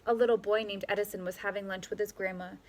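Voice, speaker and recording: A woman reading a picture book aloud to children, expressive and animated. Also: medium pitch, fast talker, noisy background. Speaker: storyteller.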